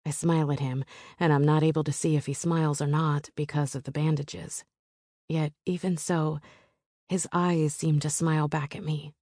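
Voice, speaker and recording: Woman reading a romance audiobook, low and slow, soft and close, dry studio sound. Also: flat delivery, dry recording. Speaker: audiobook narrator. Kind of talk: first-person audiobook narration.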